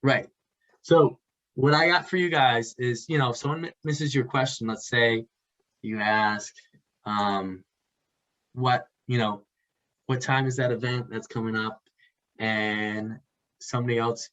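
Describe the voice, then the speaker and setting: A man co-hosts a relaxed advice conversation, often pausing and restarting as he works out what to say. His voice sits in an ordinary middle register. The recording is slightly dull and muffled. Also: medium pitch. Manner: halting, searching for words mid-sentence. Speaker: podcast co-host. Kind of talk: casual advice chat. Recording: dull lo-fi sound.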